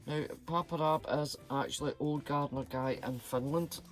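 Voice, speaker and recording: A man's voice: fairly high pitch, fairly even intonation, moderate pace, faint music behind. A middle-aged man with a Scottish accent, chatting casually and playfully to his vlog viewers in a rambling way. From Scotland. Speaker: channel host.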